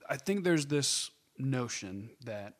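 A man in casual conversation, relaxed and laughing easily, sometimes groping for a name. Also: mid-range voice, slow pace.

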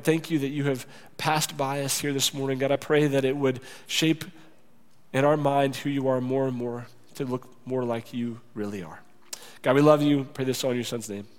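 Brief: sincere man preaching, slightly high voice, long reverb from a big church room. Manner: earnest, confessional, softens into quiet prayer. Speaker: pastor. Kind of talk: sermon and closing prayer. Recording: reverberant hall.

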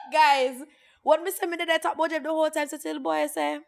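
Animated high-voiced woman. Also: moderate pace, vocal fry, heavy background noise. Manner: animated storytelling with patois and quoted voices. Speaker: podcast co-host. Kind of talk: casual chat.

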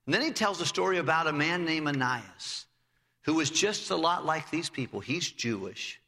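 A man's voice: a little high, lively intonation, moderate pace, pushed and bright, in a large hall. A man preaching a sermon, retelling scripture vividly and reading in old-style biblical phrasing.

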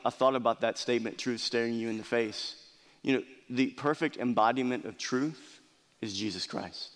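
A man's voice: medium pitch, fairly bright tone. Male pastor preaching in a reverberant hall. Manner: earnest preaching with stammered restarts. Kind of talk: sermon.

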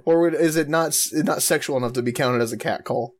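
A man's voice: fairly high pitch, fast. A young man co-hosting a podcast, telling a story in jokey casual chat with giggles. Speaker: podcast co-host.

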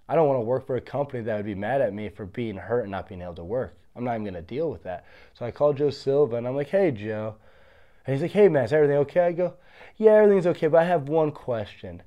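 A man's voice: mid-range voice, lo-fi sound. A man who fights professionally, casually telling stories from his career and acting out what other people said to him. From Pennsylvania. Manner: animated, acts out the voices of others in his story. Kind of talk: casual storytelling.

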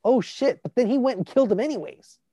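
Casual chatter, lively retelling, swears, dry close sound. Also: medium pitch, fast, slightly rough, dry recording. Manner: animated storyteller, swearing. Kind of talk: casual chat about a movie.

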